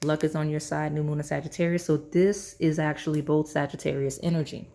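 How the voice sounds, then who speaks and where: A woman's voice: low voice, fairly even intonation, a little fast, dark tone. A woman giving a casual pick-a-card tarot reading, chatty and rambling with many fillers and restarts. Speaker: tarot reader.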